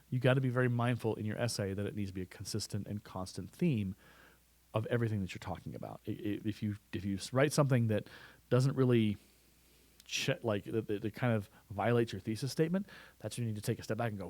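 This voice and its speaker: A man's voice: fairly low pitch, animated, fast, darkish tone, no room sound. A man teaching a writing lesson in a conversational way, often repeating words and restarting phrases. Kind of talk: recorded classroom lesson. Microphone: close studio mic.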